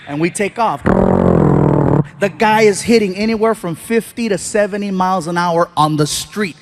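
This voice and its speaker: Male stand-up comic, high voice, animated storyteller with loud outbursts. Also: normal speed, creaky. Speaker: stand-up comedian. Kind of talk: stand-up comedy routine. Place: stage before a live audience.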